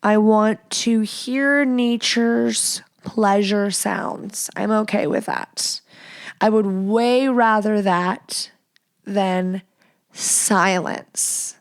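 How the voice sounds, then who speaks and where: A young adult woman hosting a candid solo podcast, frank and playful, with whispered asides and sudden high squeals. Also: steady tone, very slow, clear, resonant tone. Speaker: podcast host.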